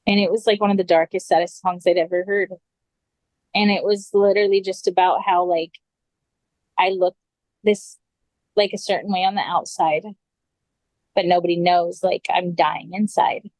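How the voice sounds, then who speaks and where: As a podcast guest, a woman tells a personal story loosely and casually, leaning on "like" and quoting everyone's words as she goes. Her low, darkish voice sounds close and dry with no echo or room, though the recording is rough.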